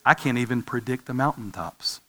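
A man's voice: medium pitch, fairly quick, sharp tone. A man in his forties preaching a sermon, telling a personal story in a conversational way and asking his listeners questions. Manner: conversational, asks the audience questions. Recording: reverberant hall.

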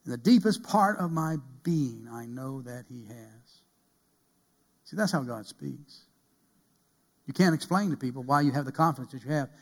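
Preaching man swinging loud to hushed. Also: on the high side, lively intonation, moderate pace. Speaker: pastor. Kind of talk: sermon. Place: church pulpit.

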